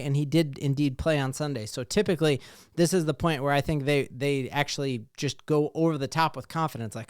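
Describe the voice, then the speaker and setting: Excited sports talk host, man. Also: on the high side, brisk, clean tone, no room sound, clean studio sound. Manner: excited, rambling with many fillers. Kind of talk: casual sports commentary.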